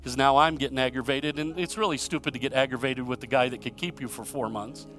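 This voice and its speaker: A man from Michigan preaching a sermon, telling stories and asking rhetorical questions, swinging between loud emphasis and hushed moments. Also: medium pitch, steady tone, fast, soft background music. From Michigan, USA. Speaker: pastor.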